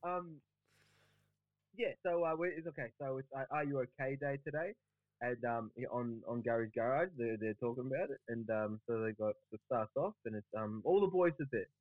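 A man's voice: medium pitch, fairly quick, dry recording, phone-quality sound. A young Australian man hosting a podcast, chatting casually in a crude, mocking, ranting way. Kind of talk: casual sweary podcast chat.

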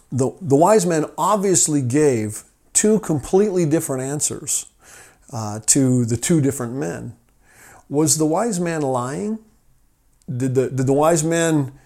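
A man hosting a rescue mission podcast from his office, telling a parable in an informal sermon style, often pausing and repeating words. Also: medium pitch, darkish tone. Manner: halting, repeats words while finding his way.

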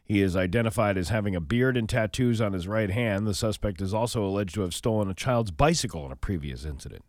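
Host type: new guy, jokey news reader, lively pitch, dry close sound. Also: quick pace, no room sound. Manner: jokey, breaks into mock-outraged rants and silly voices. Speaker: radio show host reading news stories. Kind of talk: comedic news banter.

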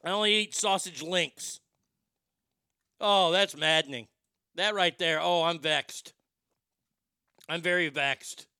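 A man's voice: fairly high pitch, slow pace, pauses often, smooth, no room sound, studio quality. A man hosting a show, delivering a profane comic rant with mock outrage. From Texas. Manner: ranting, profane, mock outrage with loud outbursts. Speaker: radio show host. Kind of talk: comedic rant.

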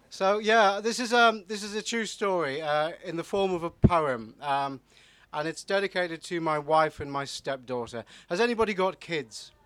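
A man from Newcastle with a soft northern English accent, his voice sitting a touch high. He reads a spoken-word poem live, hesitant and full of ums, then drops to a hushed, intimate delivery. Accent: soft northern English, not strongly Geordie. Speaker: comedy poet performer. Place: live venue with audience.

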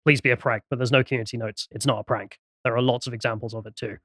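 A man's voice: medium pitch, level tone, rapid-fire, no echo. Wry man on a dry podcast mic. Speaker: podcast co-host. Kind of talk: casual political discussion.

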